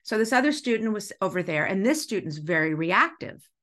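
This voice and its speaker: A middle-aged woman, a school's executive director, telling a story in a podcast interview with animated feeling and an easy laugh. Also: mid-range voice, a little fast. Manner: animated, acts out dialogue while telling stories; emotional, laughs easily.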